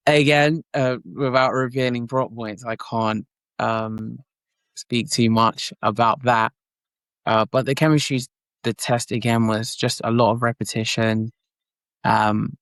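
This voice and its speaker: A young man who is an actor, talking casually in an interview with many fillers and lively retellings. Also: medium pitch, clear, resonant tone, dry recording.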